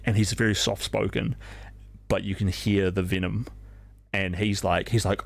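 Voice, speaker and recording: Low, gravelly young man rambling. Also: fairly even intonation, measured pace, no echo. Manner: rambling, filler-heavy, profane. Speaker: streamer. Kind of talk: casual storytelling on a live stream.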